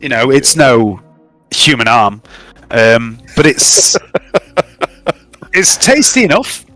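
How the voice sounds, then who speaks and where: A man's voice: mid-range voice, sing-song, takes it slowly, pushed and bright, no room sound, soft background music. A man narrating and running a tabletop role-playing game as game master, recapping events with frequent fillers.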